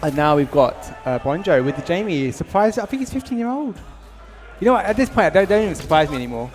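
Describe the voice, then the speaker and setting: Fast-talking British male commentator. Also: fairly high pitch, big pitch swings, faint music behind. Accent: British English. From Britain. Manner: chatty, upbeat, lots of slang fillers. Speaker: fighting game commentator. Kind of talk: casual live tournament commentary.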